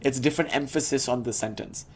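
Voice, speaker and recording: Teaching a spiritual tradition in a laid-back lecture style, a young man recites classical-language terms as he explains them. He speaks fast in a mid-range voice.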